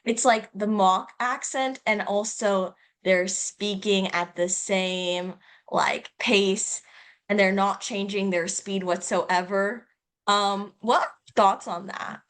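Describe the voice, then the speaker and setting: A woman's voice: mid-range voice, fairly even intonation, slow, fairly bright tone. Woman host asking casual questions. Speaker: interview host.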